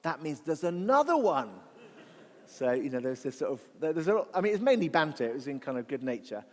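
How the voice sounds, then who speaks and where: In a church hall, a guest speaker gives an apologetics talk, conversational and reflective, with restarts and rhetorical questions. His medium-pitched, slightly mellow voice is animated and fast, and the large hall adds long reverb.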